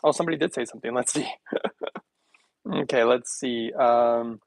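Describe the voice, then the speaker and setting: A man chats loosely to his viewers from his kitchen, trailing off, circling back and laughing at his own jokes. His voice sits at an ordinary middle pitch and is recorded dry and close, with no room echo. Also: normal speed, creaky. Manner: rambling, joking, laughs often, talks to viewers. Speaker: health livestream host. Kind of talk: casual livestream chat.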